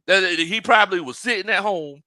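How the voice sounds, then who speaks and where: A man hosting a sports talk show, joking in an animated, casual way and mimicking players. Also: sits high, fairly quick, dry recording.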